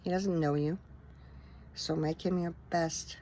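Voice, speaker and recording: A woman's voice: low voice, steady tone, a little slow, dark tone, a little hiss or hum. A middle-aged woman minister chatting earnestly into her phone camera for her vlog, rambling with fillers. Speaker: vlogger and minister. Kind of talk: casual faith-talk vlog.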